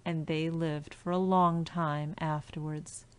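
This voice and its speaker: Slow, measured woman reading a fairy tale. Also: deep voice, flat delivery. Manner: slow, clear storytelling delivery. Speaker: audiobook narrator.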